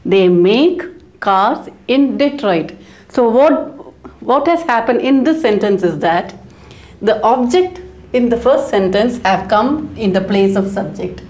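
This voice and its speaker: Slow, careful woman grammar teacher. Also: fairly high pitch, expressive, a little mellow. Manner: slow, careful explaining with rhetorical questions. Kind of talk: grammar lesson.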